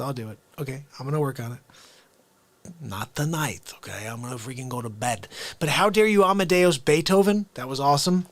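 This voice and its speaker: A man hosting a casual live stream who talks straight to his viewers, excitable and upbeat, jumping from loud bursts to quiet asides. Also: mid-range voice, a little fast, no room sound. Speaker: livestream host.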